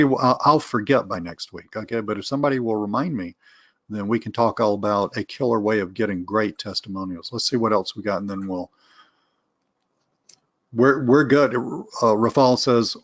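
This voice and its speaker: A man's voice: medium pitch, dry recording, lo-fi sound. A middle-aged man hosting a casual live Q and A webinar, rambling through answers with many restarts and candid asides. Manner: rambling, full of restarts and fillers; candid, self-aware asides. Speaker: webinar host answering viewer questions.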